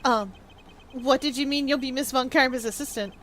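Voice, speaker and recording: A woman's voice: high voice, normal speed, fairly bright tone, a little hiss or hum. A woman doing a blustering bumbling male detective. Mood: flustered.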